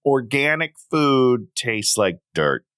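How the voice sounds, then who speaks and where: Animated jokey man from Minnesota. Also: mid-range voice, takes it slowly. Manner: animated, jokey, puts on voices when retelling. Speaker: podcast co-host. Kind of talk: casual comedic chat.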